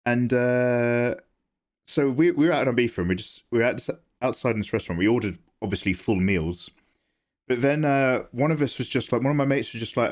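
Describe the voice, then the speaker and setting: A man's voice: medium pitch, lively intonation, a little fast. Chatty man telling rambling stories. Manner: rambling anecdotes, laughs often. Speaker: livestream artist. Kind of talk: casual chat while drawing on stream.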